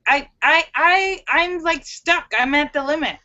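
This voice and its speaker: A woman's voice: a little high, fairly quick, hardly any pauses, sharp tone, dull audio. A woman hosting a casual live stream, chatting, reading viewer comments and telling jokes with frequent giggles.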